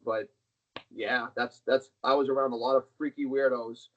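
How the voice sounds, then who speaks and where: In dull lo-fi audio, a middle-aged man who arm wrestles sits as an interview guest, recounting stories in a casual, blunt way with plenty of swearing. His mid-range voice keeps a level tone at a moderate pace.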